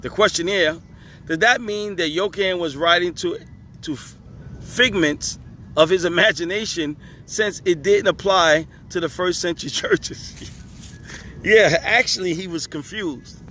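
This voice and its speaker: Emphatic man, on the higher side, reading and commenting outdoors with traffic behind; quick to laugh. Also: bright, forceful tone. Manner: laughing, emphatic, talks back to the page. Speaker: religious commentator. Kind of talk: reading questions aloud with commentary. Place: outdoors on a hot day, traffic nearby.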